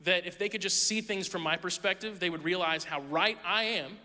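A middle-aged pastor with a high, bright, pushed voice speaks a little fast, giving a conversational sermon full of candid, self-deprecating stories. He's recorded in a church sanctuary, with the long reverb of a large hall.

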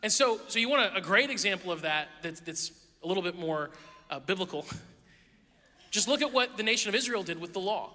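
A male pastor preaches with a high, very bright and ringing voice, animated and self-deprecating as he tells stories. His words trail off into the long reverb of a large hall. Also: fairly quick. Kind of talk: sermon with personal stories.

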